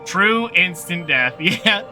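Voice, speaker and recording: A man's voice: sits high, lively intonation, slow, over music. A man commenting casually and jokingly as he plays a video game. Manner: playful, joking, reacts aloud. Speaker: let's play gamer.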